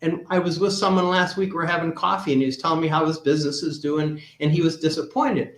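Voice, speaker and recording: A man with a slightly raised pitch recounts an anecdote as a business advisor, acting out both sides of the conversation. His voice carries a noticeable room echo. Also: fairly even intonation, fast. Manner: anecdotal, replays dialogue in his story. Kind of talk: storytelling in a podcast conversation.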